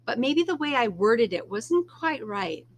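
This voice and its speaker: A woman reading a first-person novel aloud in a soft, unhurried storytelling manner, now and then dropping to a hush. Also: fairly high pitch, big pitch swings, a little hiss or hum. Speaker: reader.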